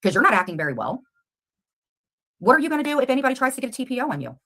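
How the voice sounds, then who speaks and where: A woman on a livestream, confronting a rival head-on with rapid, combative questions. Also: sits high, sing-song, a bit bright.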